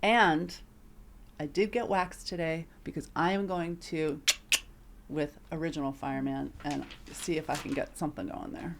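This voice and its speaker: A woman co-hosting a podcast, her voice sitting on the low side. She chats casually and tells stories with animation, leaning on plenty of fillers along the way. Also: normal speed, vocal fry, slight background noise. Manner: animated storytelling, filler-heavy. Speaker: podcast co-host. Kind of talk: casual chat.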